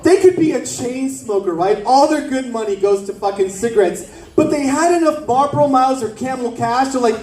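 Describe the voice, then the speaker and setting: A man from South Florida doing stand-up, his voice sitting high and bright above the usual male range. He rattles off brash, profane riffs with quick asides to the crowd. The sound is roomy and caught from a mic some distance off on a club stage. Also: slight background noise. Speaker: stand-up comedian. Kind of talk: stand-up set.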